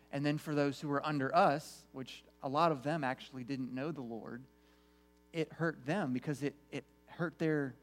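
Guy preaching a sermon at church, earnest, keeps restarting his phrases, mid-range voice, a little music in the back. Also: mid-range voice. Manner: earnest, repeats words often as he restarts phrases. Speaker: pastor.

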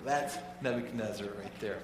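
A male pastor preaching a sermon to his congregation in a casual, halting way, often repeating words as he goes. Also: fairly low pitch. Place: church sanctuary. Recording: echoey hall, voice from far off.

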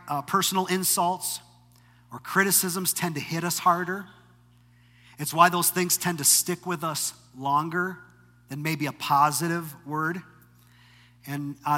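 A man's voice: fairly high pitch, pushed and bright. A middle-aged man preaching a sermon as a pastor, telling stories in a conversational, self-deprecating way. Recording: long reverb from a large hall.

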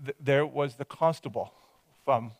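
A man from Hope, British Columbia, Canada, gives a personal testimony, telling it as a rambling, self-deprecating storyteller. His mid-range voice is unhurried, with no room sound.

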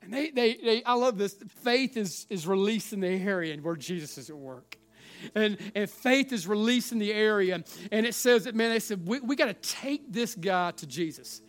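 A middle-aged man with a South Carolina Southern accent preaches as pastor at a normal speed, his voice high-pitched. Often repeating "listen," he shifts between loud urging and hushed, near-whispered lines.

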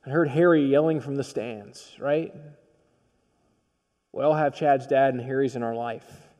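A male pastor preaching a sermon, telling a story in a personal, conversational way that swings from quiet to emphatic. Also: medium pitch, measured pace, long reverb tail.

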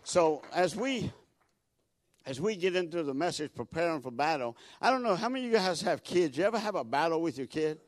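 A man preaching a folksy sermon, repeating words as he builds toward loud, emphatic peaks. His voice sits fairly high. The sound is dry and close, with little room echo. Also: animated, fairly quick. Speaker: guest preacher.

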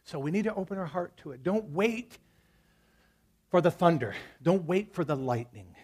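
Husky-voiced male pastor preaching. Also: fairly high pitch, animated, normal speed, darkish tone. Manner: conversational preaching, storytelling with scripture quotes. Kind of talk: sermon. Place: church service.

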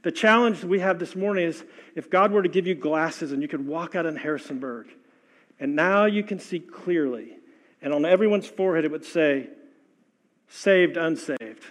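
An older man preaching a sermon as pastor, impassioned, swinging between loud exhortation and hushed, soft lines. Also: a little high, normal speed.

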